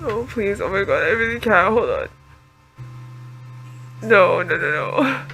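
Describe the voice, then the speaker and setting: A woman's voice: mid-range voice, lively intonation, unhurried, vocal fry, a bit bright, slight background noise. A woman hosting an anime reaction video, talking in an emotional, panicky and rambling way with many exclamations. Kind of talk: live reaction commentary.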